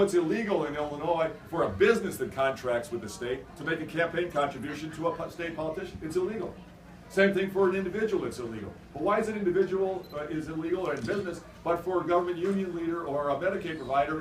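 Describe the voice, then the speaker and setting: A man, a governor, giving a rousing political stump speech in a restaurant function room, emphatic and repetitive, building to loud rallying cries. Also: fairly high pitch, fast, a little hiss or hum. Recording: echoey room, mic at a distance.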